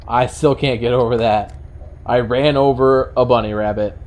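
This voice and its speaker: A man's voice: medium pitch, fairly even intonation, moderate pace, a little mellow. A man with a New York accent casually commenting on his own truck-driving gameplay, chatty and wry, with mock-indignant rants. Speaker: gaming channel host.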